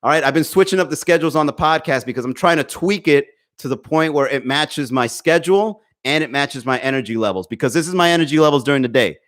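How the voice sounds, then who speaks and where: A man hosts a live comedy podcast from home, talking into a desk mic. His voice sits a little high for a man, and he swears freely while calling out chat viewers by name. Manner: profane, animated, talks to chat viewers. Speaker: podcast host. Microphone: desk microphone.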